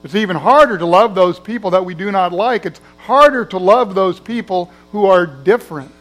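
A man's voice: high voice, moderate pace, a bit bright, low-quality recording. A man preaching a sermon in a conversational way, acting out the voices of people in his story. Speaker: pastor.

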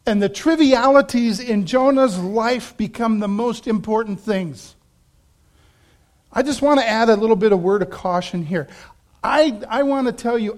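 This pastor, a man with a high-pitched voice, animates his sermon's story by voicing the characters he quotes. His delivery moves energetically, punctuated by the odd laugh.

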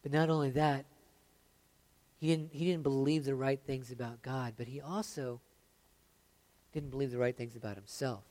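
A man preaching a sermon, reading scripture aloud with rising intensity and dropping to soft confiding asides, often stammering and restarting. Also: mid-range voice, fairly even intonation, normal speed, long pauses. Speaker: pastor.

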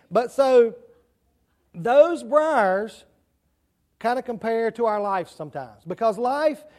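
A man's voice: high-pitched, a little mellow. A man with a rural Southern country accent giving a children's sermon in church, chatty and asking the kids questions. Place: church sanctuary.

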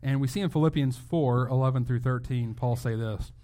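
A man's voice: mid-range voice, a little fast, hardly any pauses, warm tone. A male pastor giving a sermon in a conversational way, asking rhetorical questions and restarting phrases as he goes.

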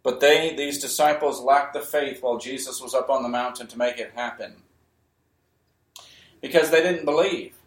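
A man's voice: mid-range voice, moderate pace. A man preaching a sermon, emphatic and repeating key phrases, sometimes raising his voice. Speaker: pastor. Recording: echoey room.

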